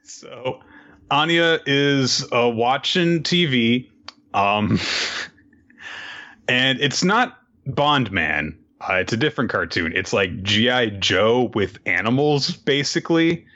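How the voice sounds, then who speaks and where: A man co-hosting a casual chat, laughing often and acting out characters in high voices. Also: expressive, slow, pushed and bright, muffled recording. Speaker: podcast co-host. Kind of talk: casual chat recapping manga.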